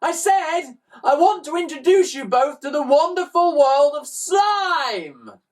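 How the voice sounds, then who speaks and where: An eager, cheeky young boy gives bossy orders with glee, as a man puts him on. The voice sits well above a man's register, with a lively, bouncing rise and fall. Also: high voice, normal speed, distant mic, voice pushed up, exaggerated voice. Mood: gleeful.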